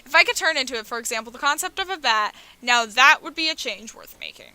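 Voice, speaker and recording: There's no echo and the tone is clean as a young woman with a high, bright voice reads a dating game fast and with lively intonation on stream. Between lines she jokes, laughs and swears, staying loose and playful.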